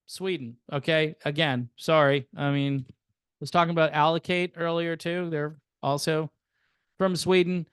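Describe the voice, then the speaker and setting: A man's voice: a little high, fairly even intonation, normal speed, clean tone, no room sound, studio quality. An older man hosting a music channel, giving casual, rambling commentary in a sardonic, chatty way with plenty of fillers.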